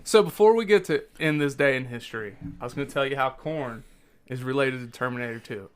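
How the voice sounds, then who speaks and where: A man hosting a podcast in a relaxed, joking way, full of "dude" and "like". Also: mid-range voice, brisk. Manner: laid-back, joking, says "dude" and "like" a lot. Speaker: podcast host. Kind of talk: casual podcast chat.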